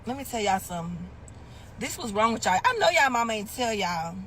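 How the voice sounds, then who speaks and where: A woman's voice: very animated, brisk, a bit bright. Woman, brash rant, heavy cursing, faint background noise. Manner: brash, cursing, acts out phone call in high voice. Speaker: social media poster in played clips. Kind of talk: profane storytelling rant.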